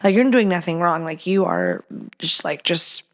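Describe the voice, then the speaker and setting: A woman's voice: fairly low pitch, wildly swooping pitch, moderate pace. Blunt, playful woman podcast host. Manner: blunt and playful, slips into whispers and acted quotes. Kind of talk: frank casual advice chat.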